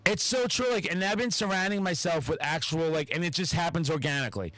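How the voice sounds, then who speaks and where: A man's voice: on the high side, quick pace, no room sound, rough recording. A man hosting a podcast, chatting casually with lots of swearing and acted-out quotes. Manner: animated, heavy swearing, acts out quotes. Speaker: podcast host.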